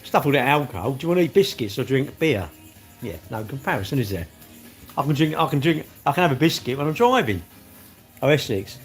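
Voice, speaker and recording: A man's voice: medium pitch, animated, fairly quick. Chatty man live-streaming, faint music. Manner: chatty, bantering, answers comments aloud. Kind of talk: casual live-stream chat with viewers.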